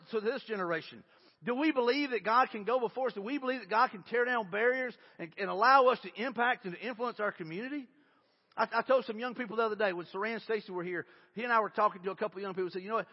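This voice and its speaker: A man with a high, husky voice preaches in a conversational, animated manner. He moves between reading scripture aloud and retelling it in everyday words. The sound is muffled, and a long reverb hangs in the church hall. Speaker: pastor. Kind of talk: sermon.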